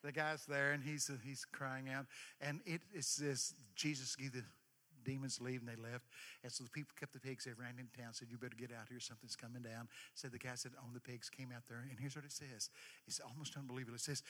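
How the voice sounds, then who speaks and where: An older man preaching a sermon with animated storytelling, sudden shouted bursts and joking asides. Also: on the high side, a little fast. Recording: long reverb of a large hall.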